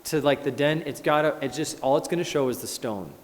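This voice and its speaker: A man, a pastor, preaching a conversational, animated sermon in a church and acting out scripture. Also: medium pitch, fairly quick. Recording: echoey church hall.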